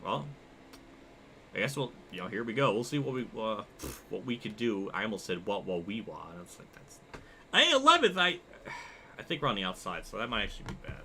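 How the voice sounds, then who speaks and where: A young man streaming a racing game, chatting casually and reacting excitedly while reading his chat. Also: fairly low pitch, fairly quick, a little hiss or hum. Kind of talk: live gameplay commentary.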